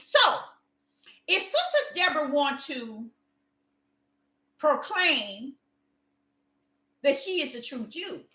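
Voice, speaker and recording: A woman's voice: high voice, sing-song, slow pace, pauses often, sharp tone, echoey room. A woman preaching a sermon with passion, repeating phrases and calling her listeners y'all. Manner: impassioned, repetitive, addresses listeners as y'all.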